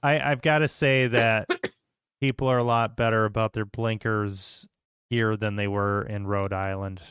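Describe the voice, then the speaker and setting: A man co-hosting a podcast, sarcastic and fed up as he complains. His voice is smooth and resonant, and the dry recording has no room echo. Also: lowish voice, fairly even intonation, a little slow, a bit bright. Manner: exasperated, sarcastic. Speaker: podcast co-host. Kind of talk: casual profane chat.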